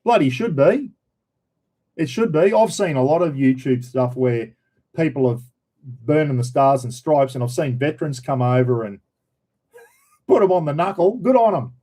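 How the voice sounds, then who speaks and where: A man's voice: a little high, lively intonation, moderate pace, pauses often, warm tone, low-quality recording. A man with an Australian accent, casually chatting on a livestream and answering viewer comments in a blunt, opinionated and slangy way. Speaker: livestream host.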